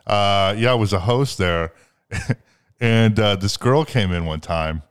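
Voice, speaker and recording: A man's voice: lowish voice, measured pace, smooth. A man hosting a podcast, telling crude stories in a rambling, profane way with lots of fillers. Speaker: podcast host. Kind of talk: crude casual chat.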